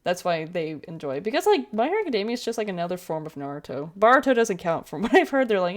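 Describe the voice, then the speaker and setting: A young woman with a fairly low-pitched voice talks casually as she draws on a livestream. She rambles from one thought to the next, trailing off, restarting, and filling gaps with "like" and "um". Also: very animated, fast talker, hardly any pauses. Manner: rambling and chatty, with many fillers and self-corrections. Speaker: streamer. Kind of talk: casual chat while drawing on a livestream.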